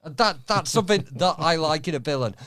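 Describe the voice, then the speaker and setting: Male podcast guest with a higher-pitched voice, lively and crude-humored. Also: fairly quick. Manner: animated, crude and jokey. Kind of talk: casual film chat.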